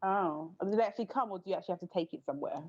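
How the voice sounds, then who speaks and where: A woman's voice: fairly low pitch, rapid-fire, darkish tone. A woman co-hosting a casual podcast chat, teasing her co-host and laughing easily. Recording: dull lo-fi podcast audio.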